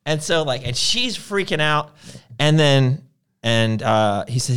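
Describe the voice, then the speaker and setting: A man's voice: medium pitch, a little slow, fairly bright tone, clear, resonant tone. A man in casual conversation, telling long, rambling anecdotes and acting out the people in them. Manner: rambling storyteller, acts out quoted voices. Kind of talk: casual chat.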